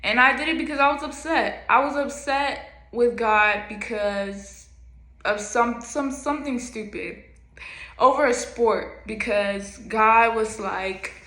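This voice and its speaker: A young woman gives informal spoken teaching straight to her listeners, chatty and loose, full of "like" and "y'all". Her voice is bright and forward, and it rings in a roomy, echoey space. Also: a little high, slow. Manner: chatty and informal, with many fillers and frequent "like" and "y'all". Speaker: preacher. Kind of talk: casual spoken teaching to camera. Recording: echoey room.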